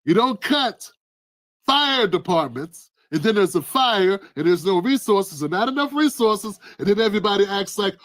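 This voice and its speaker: A high-pitched man delivering fired-up political commentary. He preaches, punches his points and sometimes shouts. The sound is dry and close. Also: animated, normal speed, no room sound. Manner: emphatic, preachy, rising to shouts. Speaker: news commentary host.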